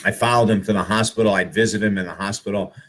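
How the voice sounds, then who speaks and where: Earnest low-voiced man telling spiritual stories. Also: quick pace. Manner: earnest, animated, full of rhetorical questions. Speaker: author and motivational speaker. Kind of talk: spiritual storytelling talk to live viewers.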